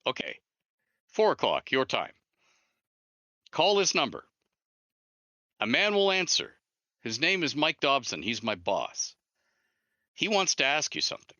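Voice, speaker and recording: A man putting on a high, bright-toned young staffer who calls up in a brisk, chatty rush. The voice sits well above the teller's own and has a sharp edge, recorded close and dry. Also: wildly swooping pitch, no room sound, full character voice. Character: eager young male game-company staffer on the phone.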